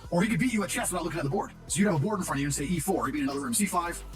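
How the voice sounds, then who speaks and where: A brash, blunt man swears freely as he shares family stories in an archived interview. His voice sits high, with lively intonation and a rapid-fire pace, over soft background music.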